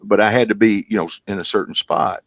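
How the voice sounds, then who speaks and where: A Kentucky comedian and hypnotist in his fifties rambles chattily as a podcast guest in a casual storytelling interview. He speaks quickly in a low, fairly bright voice with fairly even intonation and no echo.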